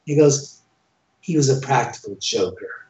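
A man telling an animated first-person ghost story in casual talk, acting out the dialogue as he goes. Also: medium pitch, unhurried. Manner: animated, acts out quoted dialogue. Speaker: homeowner telling ghost stories. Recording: roomy, distant, dull sound.

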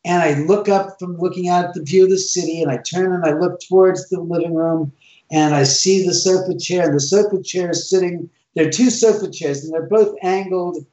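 A man telling an animated first-person ghost story in casual talk, acting out the dialogue as he goes. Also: sits high, brisk. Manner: animated, acts out quoted dialogue. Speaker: homeowner telling ghost stories. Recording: roomy, distant, dull sound.

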